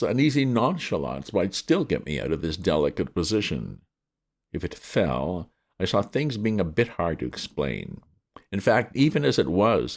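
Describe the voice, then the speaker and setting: Male audiobook reader; very deep, gravelly voice, lively wry delivery. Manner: lively, wry comic storytelling. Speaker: reader of classic fiction. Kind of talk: audiobook narration.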